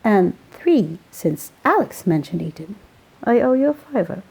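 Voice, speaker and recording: A woman voicing a gentle, wry man with an Essex accent who teases and soothes a friend. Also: medium pitch, sing-song, a little slow, gravelly, breathy edge, exaggerated voice, rough recording. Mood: soothing. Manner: soothing, teasing.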